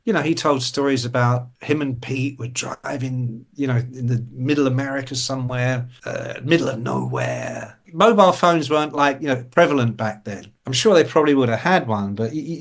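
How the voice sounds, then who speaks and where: A man's voice: mid-range voice, fairly bright tone. A man in his sixties, a rock journalist telling rambling anecdotes in an interview, with frequent restarts and casual swearing. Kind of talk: storytelling interview chat.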